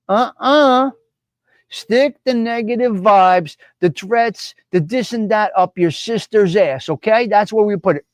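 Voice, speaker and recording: Brash New live-stream host, tough-guy swagger, slightly high voice, dry sound. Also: no room sound. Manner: swaggering, profane, repeats lines for emphasis. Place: his apartment.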